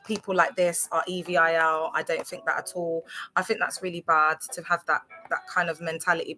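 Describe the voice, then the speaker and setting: Bright-voiced chatty woman. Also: fairly low pitch. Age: 30s. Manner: chatty and rambling, full of fillers, talks straight to viewers. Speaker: livestream host. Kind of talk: casual livestream chat. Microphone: phone camera on a social media livestream.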